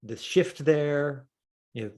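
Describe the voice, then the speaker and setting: A middle-aged man teaching acting in a casual, talkative way, full of fillers and quick asides. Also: fairly high pitch, a crowd in the background. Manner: chatty, full of fillers, breaks into quoted voices.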